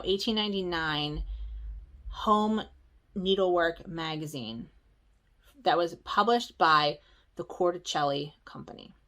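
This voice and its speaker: A woman from the Philadelphia area talks through her stitching vlog at home in an easygoing, chatty way. She is excitable and rambles into quick asides, and her voice sits at an everyday middle pitch. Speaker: stitching vlogger.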